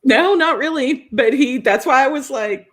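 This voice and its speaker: A woman's voice: high-pitched, moderate pace. A woman, co-hosting a podcast and telling a story in casual chat, laughing often and acting out the lines of the people in it. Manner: animated, laughing, acts out quoted dialogue. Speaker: podcast co-host.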